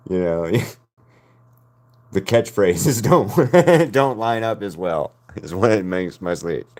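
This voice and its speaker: An American man with an extremely deep, low voice chats casually with his viewers while he draws. He rambles from one thought to the next and breaks into laughter often. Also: very animated, very slow, pauses often, darkish tone. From United States. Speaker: artist streaming to chat. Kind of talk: casual chat while drawing.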